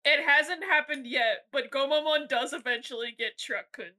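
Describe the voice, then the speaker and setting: A woman with a high, bright voice, talking casually as a podcast guest. She jumps in quickly to correct details. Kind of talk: casual chat.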